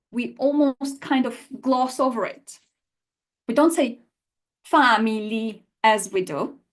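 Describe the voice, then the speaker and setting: A woman language teacher giving an online lesson, patiently explaining step by step and having learners repeat sounds after her. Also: fairly high pitch.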